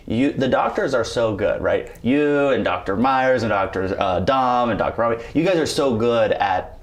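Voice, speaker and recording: A man's voice: mid-range voice, animated, moderate pace. A man hosting an interview, speaking in an enthusiastic, emphatic casual style and often chiming in with agreement. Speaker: interview host.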